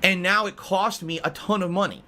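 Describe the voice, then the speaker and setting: A man vents on his podcast. His voice is bright and sits a little high, and he swears and circles back to hammer each point home. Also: moderate pace. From United States. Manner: angry, profane, repeats his points. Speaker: podcast host. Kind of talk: heated podcast rant.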